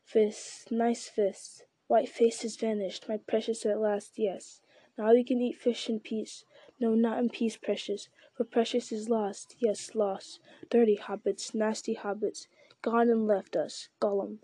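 A woman's voice: on the high side, little pitch movement, unhurried, dark tone, slightly rough, no room sound. Gollum, a hissing wretched creature, put on by a woman. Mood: muttering, greedy. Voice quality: hissing, whispery. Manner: muttering to himself, wheedling. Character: wretched hissing male creature, greedy and sly. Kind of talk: audiobook narration.

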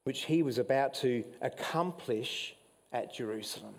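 An Australian man preaching a sermon as pastor, telling Bible stories with mounting excitement and some emotion. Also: moderate pace, big-room sound. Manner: animated storytelling preacher, rising pitch when excited, admits getting emotional. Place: church hall.

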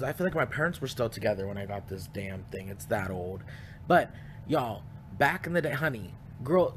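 A man's voice: fairly high pitch, slight background noise. A young man hosting his own podcast from home, talking in a campy, rambling, chatty way full of asides. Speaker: podcast host. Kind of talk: casual chat. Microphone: podcast mic.

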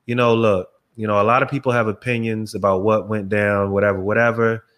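A man's voice: on the low side, fairly quick. A man co-hosting a casual podcast, talking animatedly, repeating words and acting out quotes. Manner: animated, repeats himself, quotes people in their voices. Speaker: podcast co-host.

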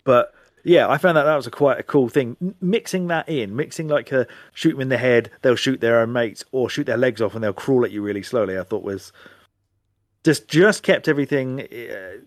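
A man's voice: medium pitch, moderate pace, dry recording, studio quality. A man chatting animatedly on a casual gaming podcast, rambling and swearing now and then. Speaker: podcast co-host.

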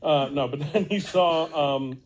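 A man's voice: on the high side, slight background noise. A young man chatting casually on a podcast, telling jokey stories about a film. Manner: jokey, quick storyteller.

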